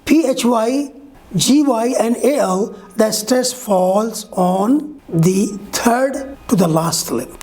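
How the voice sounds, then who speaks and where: A woman with a high voice and dark tone teaches an online pronunciation lesson as an English teacher. She breaks the rules down step by step, spells out letters, and confirms understanding with "Okay?"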